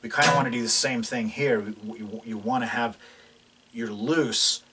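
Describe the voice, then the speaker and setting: Far from the mic, a male guitar teacher talks at a moderate pace in a mid-range voice. He keeps things relaxed and casual, playing as he explains and frequently restarting or filling gaps. Guitar plays behind his off-mic voice.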